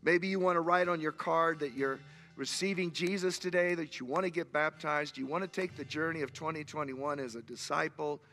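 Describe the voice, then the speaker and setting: A man's voice: fairly high pitch, fairly quick, a bit bright, long reverb tail, soft background music. A man preaching a sermon as pastor in a church, telling a personal story with earnest intensity and then rising to fervent appeals to the congregation. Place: church sanctuary.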